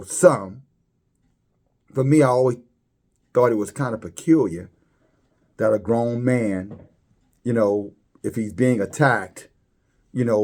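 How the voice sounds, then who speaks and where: A man preaching a religious commentary, halting and repeating words, his voice climbing high when he stresses a point. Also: a little mellow.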